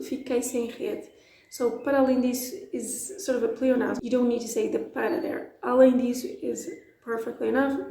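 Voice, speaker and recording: Recorded roughly in a room with echo, a Portuguese woman runs a laid-back video lesson. Her voice is a little high, gravelly, and dark. She teaches in a chatty, playful way and illustrates points with many examples.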